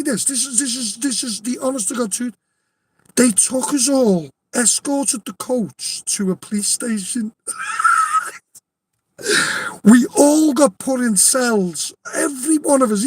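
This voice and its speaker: High-voiced Liverpudlian man spinning yarns. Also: slightly rough. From Liverpool, England. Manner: animated, swears freely, laughs often, keeps insisting it is true. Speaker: storyteller. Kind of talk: casual anecdote telling.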